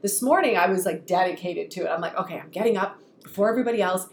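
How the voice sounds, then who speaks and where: A woman on a podcast talks quickly and with lively animation as she tells a story, slipping into the voices of the people she quotes. Her voice sits at an ordinary middle pitch. The room adds a noticeable echo, with faint ambient noise behind her. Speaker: podcast co-host. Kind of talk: casual chat.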